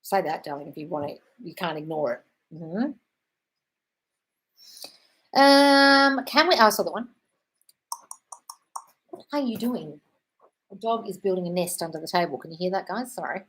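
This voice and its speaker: A woman with a fairly low, animated voice and a fairly bright tone hosts a casual live Q&A from home, her dog nearby. She reads viewer questions and answers them bluntly and fast, swearing freely, though the audio is poor.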